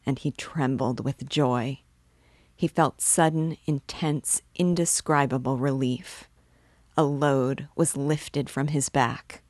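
Lady reading a classic book out loud, low voice, dry close sound, steady pace. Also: slow, no room sound. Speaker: host reading a novel aloud. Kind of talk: reading a classic novel aloud.

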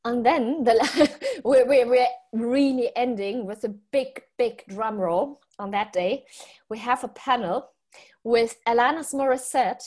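A woman's voice: a little high, unhurried, a little mellow. A woman co-hosting a conference, casually walking through the schedule in an orderly way. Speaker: conference co-host. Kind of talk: casual chat.

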